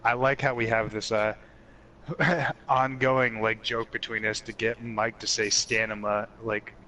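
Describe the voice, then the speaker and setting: A man's voice: medium pitch, level tone, unhurried, sharp tone. A young man co-hosting a podcast in casual chat, jokey and profane, laughing as he talks. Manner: jokey, swears, laughs mid-sentence. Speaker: podcast co-host.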